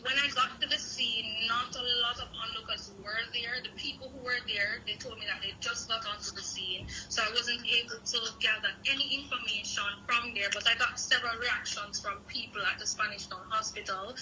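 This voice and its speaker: A woman giving a measured, formal news report from the field. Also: a little high, steady tone, noisy background.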